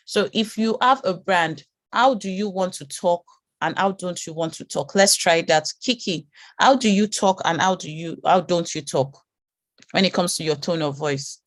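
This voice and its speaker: Low-voiced woman teaching a branding class. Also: moderate pace, no room sound. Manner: questioning, repetitive, encouraging. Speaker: branding course instructor. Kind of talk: live online class teaching.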